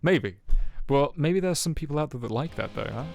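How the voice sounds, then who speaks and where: A man's voice: on the high side, lively intonation, fairly quick, creaky, a little mellow, dry recording, clean studio sound, soft background music. A young man streaming, telling a rambling story to his chat with lots of fillers and swearing. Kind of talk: casual chat with viewers. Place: home streaming setup.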